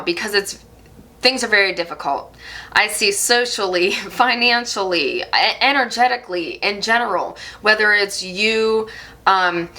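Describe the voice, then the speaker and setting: Bright-voiced woman giving a tarot reading. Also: medium pitch. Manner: soft, reassuring, reflective. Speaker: tarot reader.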